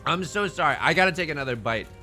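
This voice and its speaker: Upbeat bright-voiced male streamer. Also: a little high, expressive, fast, soft background music. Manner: upbeat, greets chatters, talks while eating. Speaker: live streamer. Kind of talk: casual live-stream chat.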